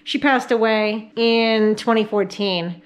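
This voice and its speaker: A woman's voice: on the high side, takes it slowly, rough recording. A middle-aged woman giving a casual home tour vlog in her house, chatting to viewers as she walks from room to room. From New York, Catskills area. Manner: chatty, talks baby-talk to her dogs. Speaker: home vlogger. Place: home interior, house rooms.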